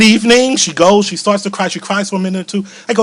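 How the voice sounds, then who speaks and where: A middle-aged man tells a personal story from the podium in a fairly high voice. He is animated and acts out other people's words. At tender moments he slows and drops his voice. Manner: animated, acts out quoted voices with big pitch swings; slows and softens at emotional moments. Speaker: keynote speaker.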